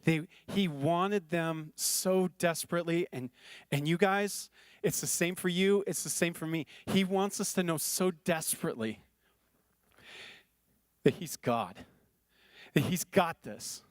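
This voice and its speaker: A male pastor preaches a sermon in an earnest, conversational way, repeating phrases to drive his points home. His voice is fairly high for a man, and his pace is a little slow. The recording is close and dry, with no room echo.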